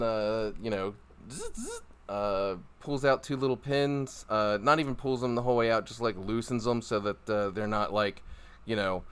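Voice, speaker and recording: A male game master narrating a tabletop role-playing session. His voice is fairly low, smooth and clear. He talks hesitantly, with frequent pauses and restarts. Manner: hesitant, many fillers and restarts.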